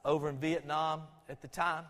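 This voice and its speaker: Speaking with a Southern accent, a middle-aged pastor from Albany, Georgia tells stories from the pulpit in a folksy, conversational style and keeps restarting his sentences. His fairly high, slightly bright voice barely shifts in pitch and holds a moderate pace. The church sanctuary gives it a long reverb.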